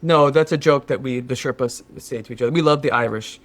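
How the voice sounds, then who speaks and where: A man's voice: mid-range voice, fairly quick, voice pushed down, close to an everyday voice. A Canadian man improvising a scheming, overly polite male Sherpa guide in his own regular voice, fussing with mock concern. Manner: fawning, mock-concerned, keeps saying sir. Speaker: podcast co-host. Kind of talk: improvised comedy sketch.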